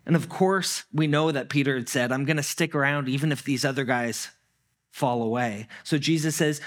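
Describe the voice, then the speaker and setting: A man's voice: medium pitch, moderate pace. A man preaching a sermon in a casual storytelling way, acting out the people he quotes. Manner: conversational, acts out quoted lines. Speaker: pastor.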